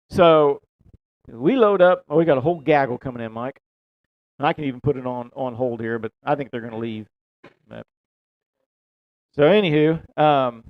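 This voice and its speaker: A man's voice: medium pitch, moderate pace, long pauses, no echo. A man telling a long fishing story in a casual, rambling way, laughing and swearing as he goes. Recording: dull, dry close-mic sound.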